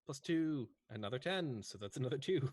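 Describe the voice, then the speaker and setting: A man's voice: medium pitch, animated, fairly quick, darkish tone, slightly rough. Man, game player, casual, chatty. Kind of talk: casual tabletop game chat.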